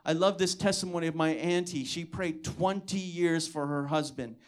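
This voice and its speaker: A man's voice: fairly high pitch, normal speed. A man preaching to his church, telling a personal testimony and acting out the dialogue in it, with repeated calls of "come on". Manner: storytelling, acts out dialogue, exhorts with "come on". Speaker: pastor.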